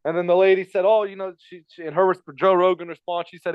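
Fast-talking high-voiced man telling a story. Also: little pitch movement, smooth, no echo, narrow, tinny audio. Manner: rambling, repeats himself, frequent fillers. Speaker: podcast guest telling a story. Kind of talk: casual storytelling chat.

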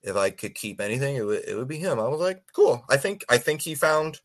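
A man's voice: mid-range voice, expressive, fast, fairly bright tone. A man co-hosting a casual review chat, often stammering and repeating his words. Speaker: co-host.

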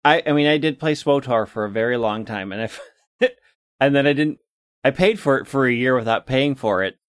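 A man's voice: mid-range voice, lively intonation, a little fast, dry recording, studio quality. A man co-hosting a casual podcast, joking in a wry, mock-offended way. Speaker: podcast co-host. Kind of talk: casual chat.

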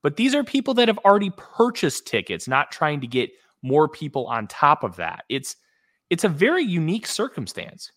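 A man's voice: on the high side, wildly swooping pitch, moderate pace, a bit bright. A man hosting a podcast interview, talking casually with frequent fillers and restarts. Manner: conversational, hesitant with fillers. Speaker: podcast host.

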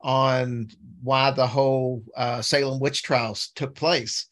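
A man hosting a casual podcast interview, relaxed and chatty. He rambles a bit as he sets up his questions, in an ordinary mid-pitched voice. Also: takes it slowly. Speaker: podcast host.

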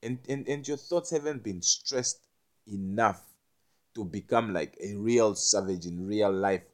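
Low-pitched man, casual motivational monologue, rambling with many restarts, swings in volume. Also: unhurried. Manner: rambling, repeats words and restarts often, swings between quiet and loud; acts out little quoted voices with gasps and curses. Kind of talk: casual spiritual talk.

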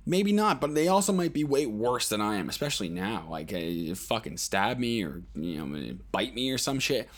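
A man's voice: fairly low pitch, sing-song, moderate pace, few pauses. A man hosting a podcast, telling a rambling, profane story in a casual monologue, full of fillers and acted-out quotes. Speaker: podcast host.

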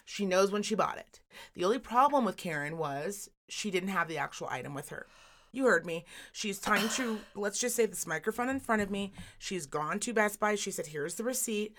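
A woman co-hosting a podcast, telling a story in casual chat, profane and animated, acting out the people she quotes. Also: mid-range voice, normal speed. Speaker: podcast co-host.

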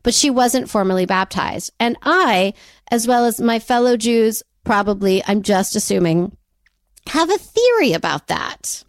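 A woman co-hosting a podcast, telling a story in a chatty, animated way with jokey asides and frequent laughs. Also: on the high side, measured pace, no room sound, clean studio sound. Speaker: podcast co-host. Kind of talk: casual storytelling chat.

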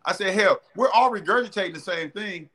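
Ex football guy doing sports talk, high bright voice, keeps repeating his point. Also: a little fast. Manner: emphatic, repeats phrases for emphasis. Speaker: former football player and sports analyst.

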